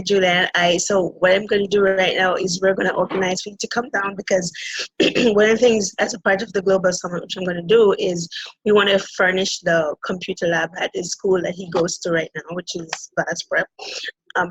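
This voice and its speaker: A woman's voice: fairly low pitch, steady tone, a little fast, breathy edge, no room sound, rough recording. A woman with a Jamaican accent, a conference organizer chatting casually and laughing easily. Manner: warm, laughing and effusive. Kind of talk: casual conversation.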